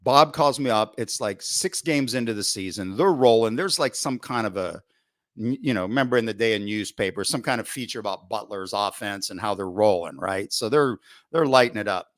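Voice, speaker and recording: A middle-aged man, a football coach, telling casual anecdotes as a podcast guest, with lively asides and the odd curse word. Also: lowish voice, a little fast, no room sound, studio quality. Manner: lively storyteller, frequent "right?" asides, occasional swearing.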